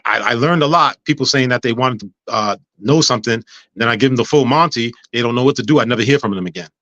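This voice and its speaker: A man telling a personal story in casual chat, animated, acting out dialogue with frequent stammers and restarts. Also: medium pitch, no room sound, highs cut off. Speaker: guest.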